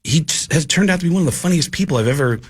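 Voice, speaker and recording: A comedian guest in a radio studio, telling stories in a lively way and acting out the voices of the people in them. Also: male voice, on the high side, rapid-fire, breathy edge. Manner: storytelling, animated, acts out quoted voices. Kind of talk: casual radio studio chat.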